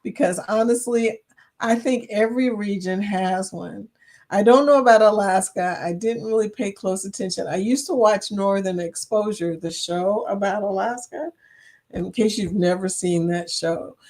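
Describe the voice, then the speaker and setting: A woman with a Kentucky accent hosts a casual livestream, talking easily with her viewers. She reads their comments aloud and often breaks into laughter. Her pitch sits in a middle range for a woman. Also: a little mellow. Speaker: livestream host.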